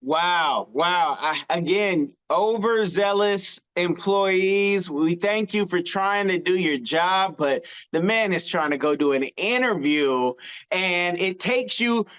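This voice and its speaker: A male podcast host talks casually with his guest, reflecting on the story he just heard. His voice sits fairly high for a man, and his delivery is easygoing and conversational. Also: slow pace, a bit bright, clear, resonant tone. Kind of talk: casual chat.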